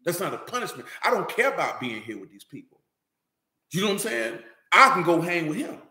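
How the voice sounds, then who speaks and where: A man preaching an animated sermon in loose, street-style talk, often asking "you know what I'm talking about". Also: a little high, fairly quick, roomy sound.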